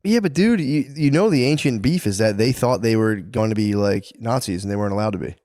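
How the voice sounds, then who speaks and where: A man's voice: lowish voice, animated, brisk, darkish tone, no echo, studio quality. A man co-hosting a podcast in casual chat, rambling and profane, laughing often as he talks. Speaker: podcast co-host.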